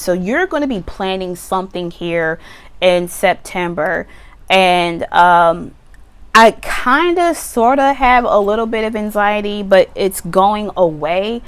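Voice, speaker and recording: A woman giving a casual tarot reading to camera outdoors, chatty and animated, now and then acting out the viewer's voice. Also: mid-range voice, clear, resonant tone. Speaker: tarot reader. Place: outdoors on a windy day. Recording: wind noise, slightly distant mic.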